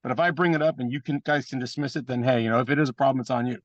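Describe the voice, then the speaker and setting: In a casual storytelling interview, a pro wrestler and trainer tells blunt, profane anecdotes and animatedly mimics the people in them. His mid-range male voice races along, and the audio is lo-fi with no room sound.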